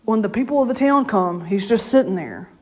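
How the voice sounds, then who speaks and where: A woman's voice: mid-range voice, lively intonation, fairly quick, darkish tone, husky. A woman preaching a casual, story-filled sermon. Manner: conversational storytelling, laughs often. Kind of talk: informal sermon.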